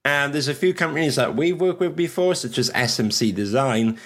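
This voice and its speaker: A man's voice: mid-range voice, brisk, a bit bright. A man co-hosting a casual, joking chat stream. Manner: chatty, joking, puts on silly robot voices. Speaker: livestream co-host.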